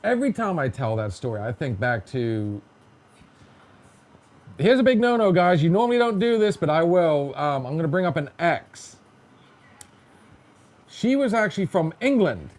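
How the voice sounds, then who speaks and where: A man's voice: on the high side, very animated, normal speed, pauses often, darkish tone. A man hosting a casual podcast, telling stories in a chatty, joking way and mimicking other people in quotes. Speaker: podcast host. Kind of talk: casual storytelling chat.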